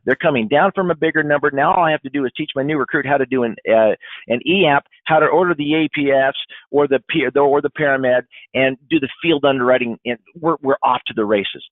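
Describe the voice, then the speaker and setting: A man in his fifties giving an animated, emphatic sales training webinar, acting out what clients say. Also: medium pitch, no room sound. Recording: dry, phone-like webinar audio.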